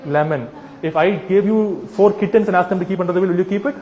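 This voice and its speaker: A man giving a humorous, persuasive talk to a live audience, animated and teasing, asking rhetorical questions. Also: sits high, fast, highs cut off. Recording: echoey hall with long reverb.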